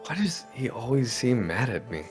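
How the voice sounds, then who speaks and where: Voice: medium pitch, sing-song, normal speed, soft background music, lightly acted. A streamer reading a nervous young male defense lawyer, stammering and flustered. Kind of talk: reading game dialogue on a livestream.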